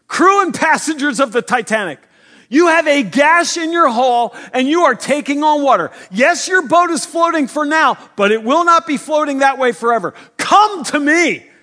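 A man's voice: fairly high pitch, a bit bright. A man voicing an alarmed male rescue boat captain who calls out an urgent warning during a sermon.

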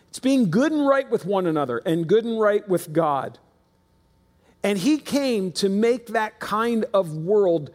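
A middle-aged man preaching in a church auditorium, with a high, bright pitch for a man. He tells stories in a folksy, wry way, and his voice rings with the long reverb of a large hall. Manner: folksy storytelling with wry humor. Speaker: pastor. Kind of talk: sermon.

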